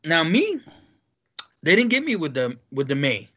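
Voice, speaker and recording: A man in casual chat, animated and excitable, swearing freely as he talks. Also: a little high, moderate pace, muffled recording.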